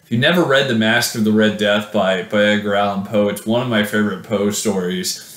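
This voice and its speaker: A man's voice: on the low side, steady tone, fairly quick, a bit bright, echoey room. A man reads his own sonnet aloud, then talks it through casually with many fillers and self-corrections. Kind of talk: poetry reading then casual explanation.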